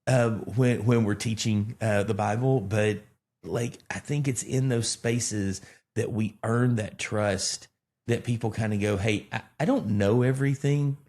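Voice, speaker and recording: A man from Alabama, a pastor in casual conversation who rambles and tells animated stories with self-deprecating humor. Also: on the low side, unhurried. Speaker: pastor and podcast co-host.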